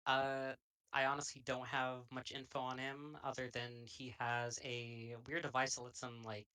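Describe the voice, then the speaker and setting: A player speaking in character in a tabletop game, quick and offhand. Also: mid-range voice, flat delivery, pushed and bright, clear, resonant tone.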